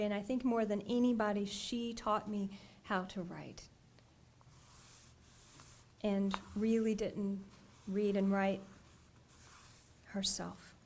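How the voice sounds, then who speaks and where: A woman poet giving a deliberate poetry reading, her phrases trailing off into a breathy near-whisper. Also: mid-range voice.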